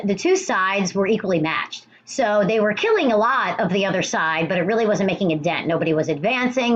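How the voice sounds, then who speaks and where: A woman with a lowish voice teaches a history lesson on video. She is chatty and emphatic, full of restarts and asides. The recording sounds dull, with a faint hiss behind her.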